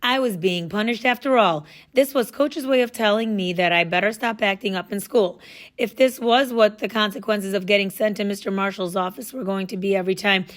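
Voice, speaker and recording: A woman reading a first-person story aloud in a casual, lively storytelling manner. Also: mid-range voice, fairly quick. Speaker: audiobook narrator.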